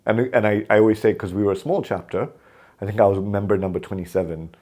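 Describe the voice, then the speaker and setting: A man from Kenya speaks as a podcast guest in a very low voice. He tells his stories in a relaxed, conversational way, and he acts out the lines of the people in them. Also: fast talker. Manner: animated, acts out quoted dialogue in his stories. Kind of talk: conversational interview storytelling.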